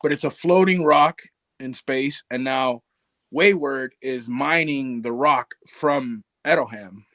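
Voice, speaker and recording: A man talking as a guest on a live stream, telling a story in a relaxed way and quoting his friends. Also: mid-range voice, slow, dry recording. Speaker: toy collector guest. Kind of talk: casual chat on a live stream.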